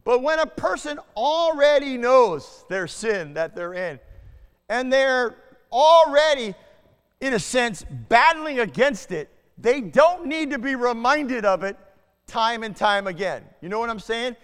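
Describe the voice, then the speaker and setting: A man preaching a sermon to a congregation, swinging between loud declarations and hushed asides and asking his listeners questions. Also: very high-pitched, animated, measured pace, clean tone, long reverb tail. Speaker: pastor.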